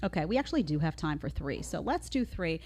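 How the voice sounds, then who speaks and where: A woman's voice: deep voice, sing-song, fast, darkish tone, husky. A middle-aged woman hosting her own opinion show, talking in an emphatic way with lots of rhetorical questions. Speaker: show host. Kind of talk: opinion commentary.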